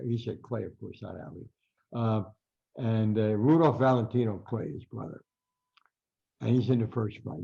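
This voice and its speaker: Gravelly older man telling boxing stories. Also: medium pitch, highs cut off. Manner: animated storyteller, acts out quotes loudly. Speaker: guest boxing writer. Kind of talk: storytelling interview.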